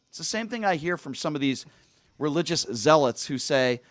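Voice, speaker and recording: A man's voice: fairly high pitch, lively intonation, moderate pace, no echo. A man hosting a studio talk show, talking emphatically with lots of fillers and restarts. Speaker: radio talk show host. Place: radio studio.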